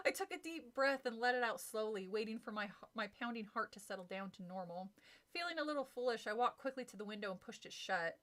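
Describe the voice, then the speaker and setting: A woman with a somewhat high, a bit bright voice streams a casual read-aloud of a kids' horror book, speaking fairly quickly and expressively. Chatty and giggly, she often breaks off to comment and laugh.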